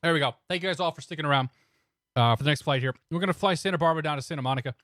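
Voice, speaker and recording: A man's voice: a little high, rapid-fire, a bit bright, no room sound, clean studio sound. A man chatting casually on a live stream, laughing often and talking through his cockpit steps. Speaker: flight sim streamer.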